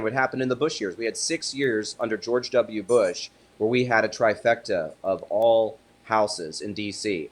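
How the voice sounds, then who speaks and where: A man, an attorney, giving a political interview in an emphatic, argumentative way. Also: on the low side. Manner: emphatic, builds to forceful punchlines.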